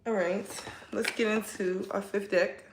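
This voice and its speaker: A woman doing a casual tarot reading at home, chatting directly with her viewers in a warm, heartfelt way. Her voice has an ordinary middle pitch, and the room around her sounds echoey. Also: fairly even intonation, unhurried, background noise. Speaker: tarot reader. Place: at home, kids nearby.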